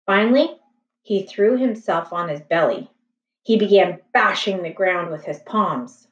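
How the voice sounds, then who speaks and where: Slow gentle woman reading a storybook. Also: on the low side, animated. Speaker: storybook reader. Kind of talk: reading a children's chapter book aloud. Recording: echoey room, distant, slightly dull.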